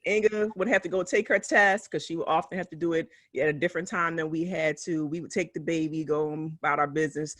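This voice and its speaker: A woman's voice: deep voice, fast talker, hardly any pauses, no echo. A woman in her forties from West Philadelphia, co-hosting a casual podcast chat, telling stories with lots of laughter and acted-out quotes. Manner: animated storytelling, laughs often, acts out quotes. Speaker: podcast co-host, physician.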